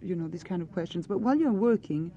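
A woman's voice: on the low side, animated, fast, dark tone, highs cut off. A woman answering questions as an actress in a press interview, earnest and searching for her words.

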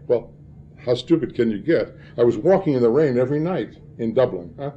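Older guy rambling through stories at a talk, mellow low voice, keeps saying huh, kinda muffled lo-fi recording. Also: animated, normal speed, a little hiss or hum. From northern Illinois, USA. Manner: rambling storyteller, tags many lines with "huh?". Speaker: speaker addressing an audience. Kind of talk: talk to a live audience.

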